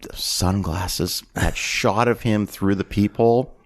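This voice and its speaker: Male host, 30s, very low voice, lively scene-by-scene recap with impressions. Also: takes it slowly. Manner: animated retelling, acts out lines in voices. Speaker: podcast host. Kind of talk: casual movie recap chat.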